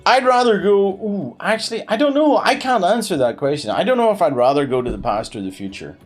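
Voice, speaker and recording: Man, thirties, live-stream chat, rambling, lively swooping pitch. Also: a little fast, soft background music. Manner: rambling, many fillers and restarts; pitch swings widely. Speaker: game streamer.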